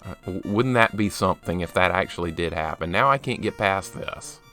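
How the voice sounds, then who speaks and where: A man's voice: low voice, a little fast, sharp tone, faint music behind. A man streaming a video game live, chatting casually, greeting viewers by name and poking fun at himself. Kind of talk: casual live gameplay commentary.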